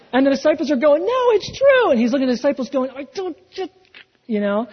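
A male pastor preaching a sermon, telling the story with animation and acting out the quotes, swinging from loud to hushed. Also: very high-pitched, slightly rough. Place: church sanctuary. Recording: dull sound in a reverberant hall.

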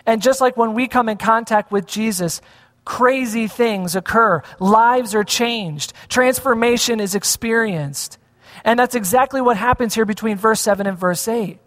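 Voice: mid-range voice, a little slow, fairly bright tone, in a large hall. A pastor giving a conversational sermon, often asking the congregation questions.

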